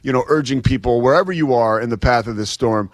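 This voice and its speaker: A man's voice: mid-range voice, fast talker, no echo, studio quality. A man appearing as a guest sports commentator, chatty and enthusiastic about the games. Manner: enthusiastic, chatty, easy laughs. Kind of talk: casual sports talk.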